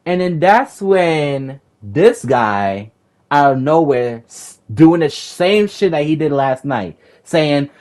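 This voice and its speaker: A man's voice: a little high, expressive, slow pace, darkish tone. A young man telling a heated story about an argument with another player, swearing often and rambling as he repeats himself. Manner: profane, rambling, repeats himself when worked up. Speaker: gamer recounting a raid group argument.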